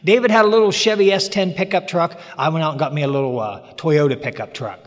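High-voiced man telling stories. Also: fast. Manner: plainspoken, humorous, emphatic retelling. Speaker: speaker sharing recovery story. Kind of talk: folksy storytelling talk. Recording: long hall reverb.

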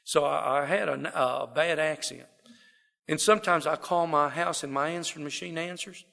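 A man's voice: a little high, moderate pace, creaky, sharp tone, big-room sound. A man from South Texas with a Southern drawl, telling his life story in a folksy, rambling way full of fillers. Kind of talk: personal testimony talk. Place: wooden building, to a gathered audience.

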